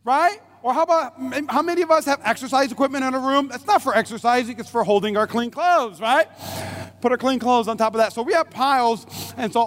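A man with a strikingly high voice preaches at a church service, joking through a story about his competitive wife. He keeps turning to the room with quick questions. A faint hiss sits under the recording. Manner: playful storytelling, frequent audience check-ins. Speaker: pastor. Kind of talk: humorous sermon.

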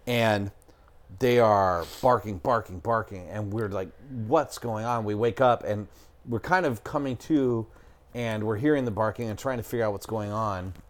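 Speaking at a moderate pace in a lowish voice, a middle-aged man recounts a story during casual conversation. It's rambling and profane, stuffed with fillers such as "like" and "I'm talking."

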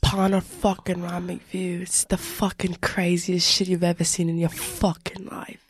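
A woman voicing an excitable wildlife show host in a put-on Australian accent, loud and profane. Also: fairly low pitch, moderate pace, husky, no room sound. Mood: hyped. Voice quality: loud, profane, showman patter.

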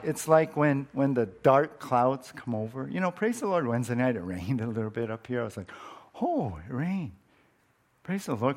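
A man preaching a conversational sermon as a pastor, often repeating words and rising sharply when he quotes scripture. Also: mid-range voice. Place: church.

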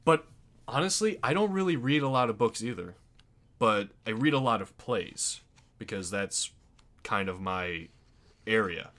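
A man's voice: fairly low pitch, expressive, a little slow, pauses often, a bit bright. A young adult man co-hosting a casual podcast, chatty and prone to long explanations. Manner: chatty, explains things at length. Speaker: podcast co-host. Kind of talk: casual chat.

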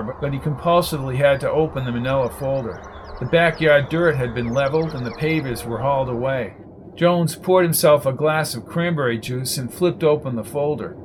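A man reading a crime novel aloud as the audiobook narrator, in steady storytelling. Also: medium pitch, noisy background.

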